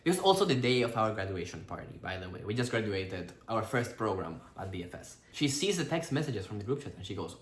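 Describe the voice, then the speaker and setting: A man's voice: fairly low pitch, fast. Man in his twenties telling a story. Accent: non-native English accent. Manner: animated, acts out quotes with laughs. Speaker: host. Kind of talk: casual storytelling chat. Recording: roomy echo.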